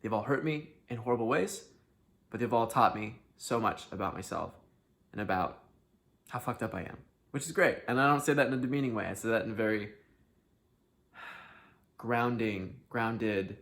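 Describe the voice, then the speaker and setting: Man, self-help host, candid monologue, swings from quiet to loud, swears freely. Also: fairly low pitch, moderate pace, long pauses.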